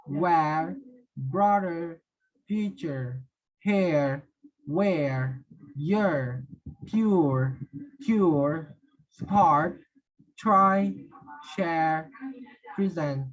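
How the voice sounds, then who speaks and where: Slow halting man drilling pronunciation. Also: on the high side. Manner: halting, repeats phrases with fillers. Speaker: English pronunciation teacher. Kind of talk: slow word-list drill and explanation. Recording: dull lo-fi voice recording.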